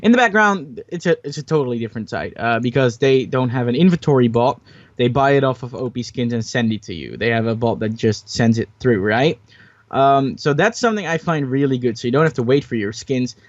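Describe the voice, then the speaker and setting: A young man hosts a casual gaming podcast, hedging with fillers and restarting his sentences as he gives his opinions. His voice sits at a middle pitch. It comes through a dull, lo-fi mic in a dry space with no echo. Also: expressive, fairly quick. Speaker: podcast host.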